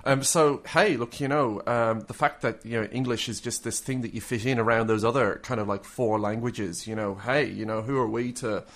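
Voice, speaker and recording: A man's voice: medium pitch, steady tone, normal speed, few pauses. Joking, stammering Australian man. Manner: jokey, stammering restarts. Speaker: podcast co-host. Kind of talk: casual chat.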